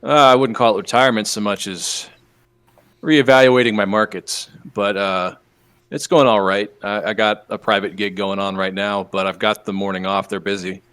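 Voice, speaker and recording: A man's voice: fairly low pitch, fairly even intonation, normal speed, fairly bright tone, clear, resonant tone. A man playing a tabletop role-playing game, talking hesitantly with lots of ums. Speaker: player.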